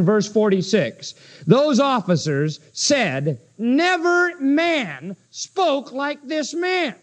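Emphatic high-voiced male preacher. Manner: emphatic, rhetorical questions, slows down for quoted scripture. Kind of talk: expository sermon. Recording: dull lo-fi sermon recording.

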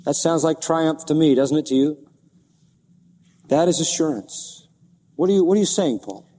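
Preacher with a dark, echoing voice. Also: male voice, fairly high pitch, normal speed. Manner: dramatic scripture reading with rhetorical questions. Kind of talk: expository sermon.

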